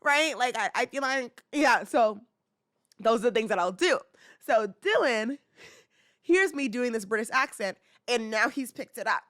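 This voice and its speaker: A woman's voice: a little high, animated, unhurried, fairly bright tone, no echo, clean studio sound. A young woman in her twenties hosting a podcast, chatting casually and rambling with fillers and laughs. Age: 20s. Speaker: podcast host. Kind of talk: casual chat.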